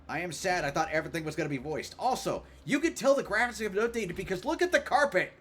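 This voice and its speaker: Lively, higher-voiced man streaming a game. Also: quick pace, slight background noise. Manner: chatty, joking, thinking out loud with many fillers. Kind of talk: casual live-stream gameplay chat, reading game dialogue aloud.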